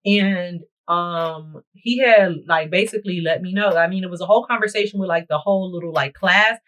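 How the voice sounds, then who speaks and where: A woman's voice: fairly low pitch, a little fast, a bit bright, low-quality recording. A young woman vlogger chatting a dramatic storytime straight to her viewers while she does her makeup. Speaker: beauty vlogger. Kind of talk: storytime chat while getting ready. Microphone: camera mic while doing her makeup.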